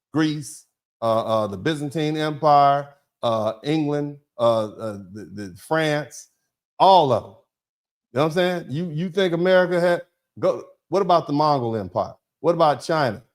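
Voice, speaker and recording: A man hosting a livestream and thanking viewers from the chat. He talks in a rambling, emphatic way, repeating words and restarting sentences, and calls listeners "baby" and "bro.". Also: on the high side. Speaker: host reading viewer chat.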